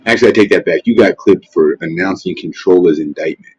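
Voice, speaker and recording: A man's voice: sits low, fairly quick, few pauses, breathy edge, dry recording. A man hosting a casual livestream, trash-talking and mocking in a profane, rambling rant. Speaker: livestream host. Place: at home, face not shown. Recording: dull, dry lo-fi stream audio.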